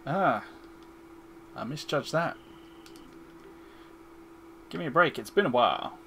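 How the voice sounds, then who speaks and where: A man's voice: a little high, expressive, slow, vocal fry, sharp tone. A man chatting loosely over his game stream, teasing the characters and laughing at his own mistakes. His voice rises and falls freely as he talks. A faint hum of noise sits beneath his voice. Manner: joking, self-deprecating. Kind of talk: casual game commentary.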